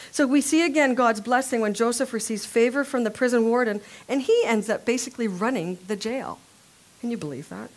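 A woman giving a Bible teaching at a women's workshop. She tells the story in a lively way and asks the audience questions. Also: on the high side.

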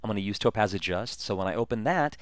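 Man, low voice, dry close mic, easygoing software walkthrough narrator with filler words. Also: fast talker, smooth, dry recording. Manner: relaxed step-by-step narration with frequent fillers. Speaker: software tutorial presenter. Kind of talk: screen-recorded software walkthrough.

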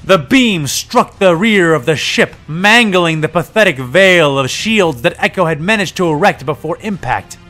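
Male narrator, higher voice, steady reading. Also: a little slow, few pauses, faint music behind. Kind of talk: audiobook-style story reading.

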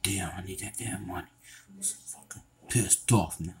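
Man doing a panicked debtor, muttering, cursing, low voice, faint noise. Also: fairly even intonation, a little slow, a bit bright. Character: panicked young man who owes money. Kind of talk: amateur comedy skit.

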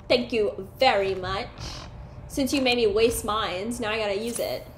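A woman commenting on her own gameplay, excitable and talking back at the enemies on screen. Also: mid-range voice, unhurried. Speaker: gaming streamer. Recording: echoey room with faint hiss.

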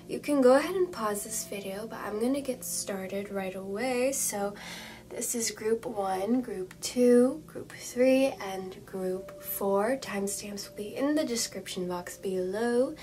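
A young woman with a slightly hoarse voice leads a tarot card reading at a slow, unhurried pace. She speaks in soothing, drawn-out phrases, and her pitch sits in the middle of the range. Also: darkish tone, a little hiss or hum, poor audio. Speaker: tarot reader. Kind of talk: calm guided tarot reading.

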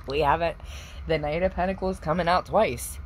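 A woman doing a casual tarot reading for viewers. She is excitable, laughs often, swears casually and calls the audience pet names. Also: low-pitched, moderate pace, a little hiss or hum, rough recording. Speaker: tarot reader.

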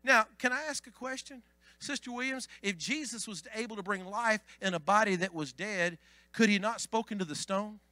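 A man preaching a Pentecostal sermon as pastor, swinging from hushed asides to shouted climaxes. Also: high voice, moderate pace, dry recording.

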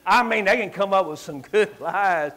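A man with a rural Southern US accent preaching a sermon. He tells folksy personal stories and swings between loud declarations and quiet asides. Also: high-pitched, normal speed. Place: church service.

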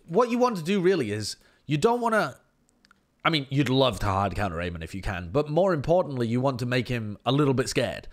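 A man's voice: medium pitch, animated, brisk. A man doing live-stream match analysis, blunt and profane, ranting at length and answering viewer chat.

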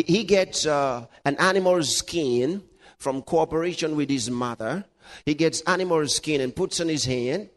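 A male pastor preaching a sermon, reading scripture aloud with laughs, dramatic pitch swings and slowed emphasis. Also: in a large hall.

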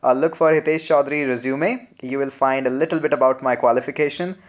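A young man with an Indian English accent answering viewer questions in a relaxed, chatty live Q&A, full of "uh" fillers. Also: mid-range voice, fast. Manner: relaxed, chatty, frequent "uh" fillers, laughs often. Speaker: programming channel host. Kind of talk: live Q&A, reading viewer comments.

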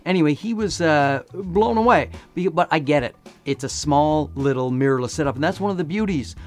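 A man with a hoarse voice from laryngitis, chatting in a joking, self-mocking way as he reviews camera gear for his vlog. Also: fairly high pitch, expressive, brisk, faint music behind.

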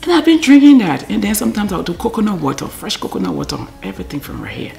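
A woman's voice: mid-range voice, sing-song, fast talker, creaky, darkish tone. A middle-aged woman with a Liberian English accent, chatting casually to her camera at home, wandering off-topic and sometimes sinking to a near-whisper. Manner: rambling, talks to herself, drops to near-whispers. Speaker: vlogger.

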